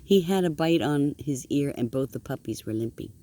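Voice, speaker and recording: An older woman, a grandmother, reading a picture book aloud to her grandchildren, gently pausing to point out the pictures and explain the story. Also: extremely low pitch, lively intonation, a little hiss or hum.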